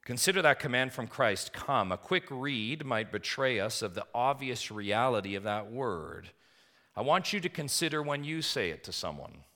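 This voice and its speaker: A man preaching a sermon in an earnest way, asking the congregation questions and swinging from emphatic peaks to soft, quiet lines. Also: medium pitch, expressive, normal speed. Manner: asks the congregation rhetorical questions. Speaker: pastor.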